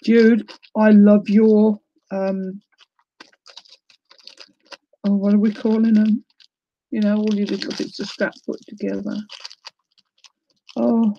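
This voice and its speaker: A woman's voice: mid-range voice, level tone, takes it slowly, vocal fry, long pauses, highs cut off, a little hiss or hum. A woman hosting a casual live crafting unboxing, gushing and tearful as she talks to viewers. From New Zealand. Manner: gushing, emotional, exclaiming. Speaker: crafting livestream host.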